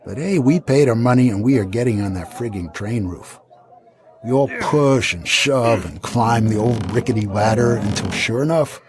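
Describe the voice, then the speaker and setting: A man's voice: mid-range voice, darkish tone. A man in his seventies telling a travel story from his past, with wry, dry asides. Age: 70s. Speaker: podcast host.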